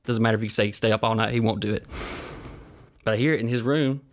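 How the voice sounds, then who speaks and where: A podcast host, sweaty and flushed, tells rambling, profane anecdotes on his own show with joking asides. He speaks fast in a lowish, steady voice.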